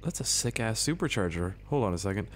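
An excitable young man talks over his gameplay into a desk mic. His pitch swings widely as he jumps from squeaky shouts to low, muttered asides. He rambles, swears freely and keeps an easy, chatty flow. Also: fast. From Canada. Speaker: gaming video host. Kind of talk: casual gameplay commentary.

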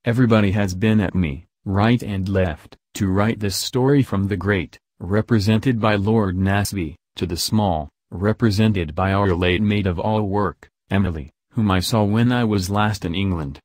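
A man's voice: lowish voice, moderate pace, hardly any pauses, darkish tone, no room sound, studio quality, close to an everyday voice. A man reading as a young woman who eagerly tells her own adventure story.

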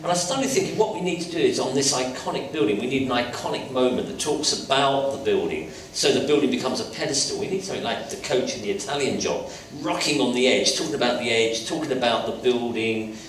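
A man's voice: mid-range voice, quick pace, few pauses, slight background noise. A man in his sixties from England, a sculptor telling anecdotes on stage in a college lecture hall and acting out the voices in his stories. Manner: lively storyteller acting out voices. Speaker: sculptor, invited guest artist. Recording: echoey hall from far off.

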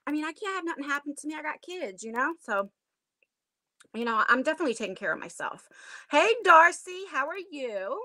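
Bright, high-voiced chatty woman. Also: animated, quick pace, no room sound, studio quality. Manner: chatty and rambling, many fillers, self-conscious laughs. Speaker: channel host. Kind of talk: casual livestream chat with viewers. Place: attic room at home. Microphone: tablet device.

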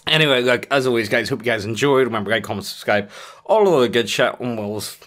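A man with a bright, forceful voice runs through a casual channel outro at a quick clip. He rambles, swears freely and leans on fillers. His pitch sits in the middle range for a man. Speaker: channel host.

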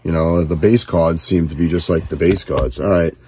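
A man's voice: sits low, normal speed, a little mellow, slight background noise. A middle-aged man chatting casually while opening card packs with his son, giving wry, grumbling running commentary. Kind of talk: casual chat.

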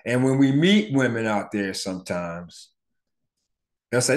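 Animated, profane storytelling man. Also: mid-range voice, measured pace, long pauses. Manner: animated, profane, acts out quoted people. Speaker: podcast host. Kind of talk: casual storytelling monologue.

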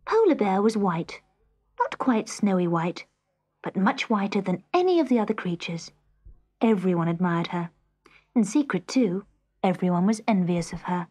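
A woman reading a children's story aloud, gentle and measured. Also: mid-range voice, expressive, slightly rough. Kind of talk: read-aloud storybook narration.

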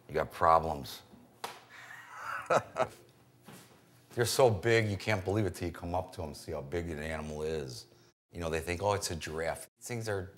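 A man's voice: a bass voice, slight background noise. A man, a floor trader, telling blunt, profane stories in a documentary interview.

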